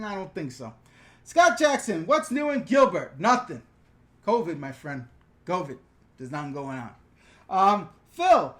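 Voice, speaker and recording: Blunt, joking male live-stream host. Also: sits high. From New York/New Jersey area. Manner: joking, blunt, reads comments aloud. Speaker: channel host answering viewer questions. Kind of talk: casual live-stream chat.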